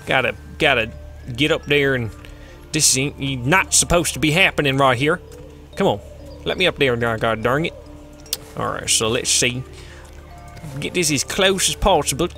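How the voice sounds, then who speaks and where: A man hosting a let's play, giving casual, excitable gameplay commentary and mocking himself when things go wrong. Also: mid-range voice, normal speed, pauses often, faint music behind. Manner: excitable, self-mocking, swears when frustrated.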